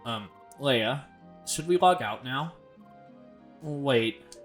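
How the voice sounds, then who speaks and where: A man's voice: medium pitch, expressive, extremely slow, faint music behind. A man hosting a let's play, reading game dialogue aloud in a plain voice and stopping now and then to comment.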